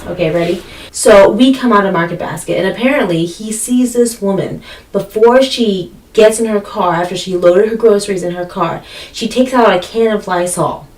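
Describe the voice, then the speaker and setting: A woman telling a comedic story as an animated, exasperated rant, swearing often. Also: medium pitch.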